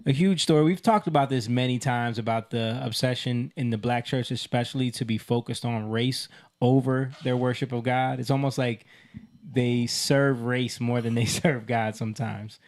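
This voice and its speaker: A man's voice: mid-range voice, steady tone, normal speed, darkish tone. A man hosting a casual podcast discussion, steering the topics and adding short agreements. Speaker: host.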